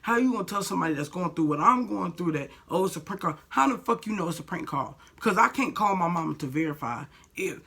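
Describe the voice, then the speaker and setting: Bright, forceful young woman telling a story. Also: on the low side, animated, fast, gravelly, hardly any pauses, breathy edge. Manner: blunt, heated storytelling with frequent "like" and profanity. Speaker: vlogger. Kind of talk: storytime vlog.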